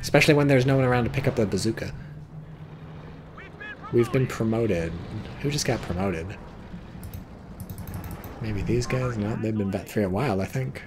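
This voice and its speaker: A man with an American accent giving casual play-by-play commentary on a strategy game, excitable, swearing and yelping at big plays. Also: fairly low pitch, normal speed, long pauses, noisy background.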